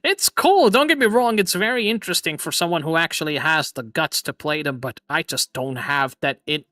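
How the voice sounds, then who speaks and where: A streamer host livestreams a casual chat from his home setup on a boom arm microphone, talking a little fast, excitable, swearing and laughing often, and putting on an imitation British accent. The sound is clean, studio-like, with no echo.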